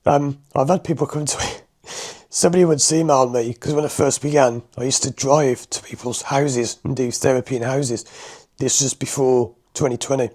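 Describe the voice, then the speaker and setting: A man talks to the viewer about his therapy sessions, chatting loosely and laughing now and then. His voice is mellow and warm, sitting at an ordinary pitch for a man. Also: steady tone, normal speed. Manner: chatty, conversational, laughs often. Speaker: hypnotherapist and driving instructor. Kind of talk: explaining to viewers to camera. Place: a room in his home.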